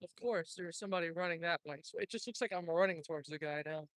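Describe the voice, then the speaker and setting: A man's voice: fairly high pitch, fast, fairly bright tone, no room sound. A man vlogging to himself outdoors, his voice close and dry on a propped-up phone mic. He chats in a loose, self-mocking way and sounds a little winded. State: out of breath after a run. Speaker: band member vlogging. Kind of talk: casual solo vlog on a walk. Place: outdoors, open area. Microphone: phone propped up, headphones unplugged.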